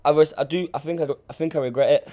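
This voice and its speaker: A man's voice: a little high, fairly even intonation, rapid-fire, dark tone, muffled recording. A young man with a Manchester accent chatting casually in an interview, slangy and laid-back, often repeating himself. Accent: Northern English, Manchester. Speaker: rapper being interviewed. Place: interview room in Berlin.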